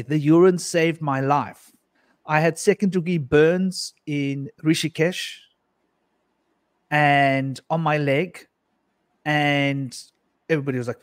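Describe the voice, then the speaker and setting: A man's voice: a little high, no echo, clean studio sound. Rambling man telling a tale, laughing. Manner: rambling, laughs often, acts out quotes. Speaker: panel guest. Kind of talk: casual storytelling on a live panel.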